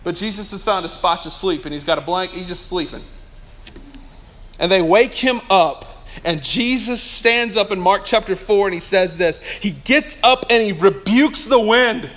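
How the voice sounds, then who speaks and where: Animated high-voiced male pastor preaching. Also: normal speed. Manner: animated storytelling, acts out voices of Jesus and fish; casual, conversational with restarts. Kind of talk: sermon.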